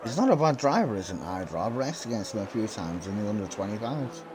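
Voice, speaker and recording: A man calling sim race laps play-by-play in a calm, encouraging manner. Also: fairly low pitch, fast talker, music in the background. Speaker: lead sim racing commentator. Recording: steady background noise.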